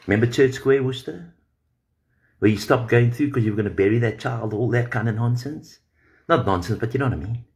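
A man's voice: mid-range voice, expressive, normal speed, pauses often, darkish tone. A man on a livestream, confronting a rival directly with an angry, profane rant.

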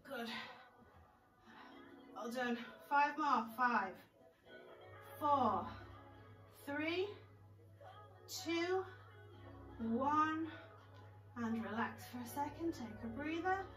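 An upbeat woman leads an exercise class, her high voice unhurried as she counts down reps. She sounds off-mic in an echoey studio, with music playing softly behind her. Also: animated. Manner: upbeat, encouraging, counting reps with cheery whoops. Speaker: fitness instructor. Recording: echoey room, voice from a distance. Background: background music.

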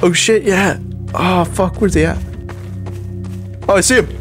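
A man hosting a casual gameplay video, excitable and swearing freely, yelling when he is chased. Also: high-pitched, unhurried, over music. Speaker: gaming channel host.

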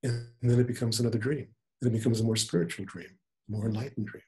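Gentle older man telling stories. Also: mid-range voice, fairly even intonation. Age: 70s. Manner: gentle, unhurried storytelling with soft laughs. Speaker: spiritual teacher. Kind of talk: spiritual conversation.

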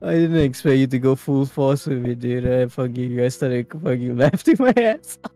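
Gravelly woman laughing through a game. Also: extremely low pitch, expressive, moderate pace, warm tone, no echo, faint music behind. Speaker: co-player in a game stream. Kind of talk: casual gaming chat.

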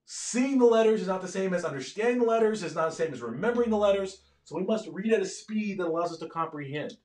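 A man giving a live online lecture from his office at home, energetic and often asking his listeners questions. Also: high voice, fast talker, echoey room. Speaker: medical education lecturer.

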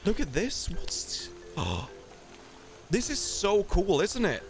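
Excitable man, lively gaming host. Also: high voice, faint music behind. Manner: excitable, chatty, quick exclamations. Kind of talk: casual co-op gameplay chat.

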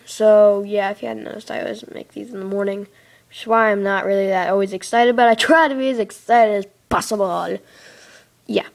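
A woman chatting her way through a building game, rambling and casual, breaking into excited squeals and giggles, recorded in a dark room on a tablet mic. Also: medium pitch, a little fast, creaky. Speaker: let's play host. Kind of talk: casual gameplay commentary. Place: dark room, sitting in a big armchair. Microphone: tablet microphone.

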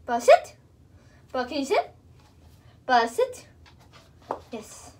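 Young female vlogger, high-pitched, chatty and breathless, lots of repeated commands and praise; faint hiss behind. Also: huge pitch swings, slow pace, darkish tone. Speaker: vlogger training her service dog. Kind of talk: casual home vlog.

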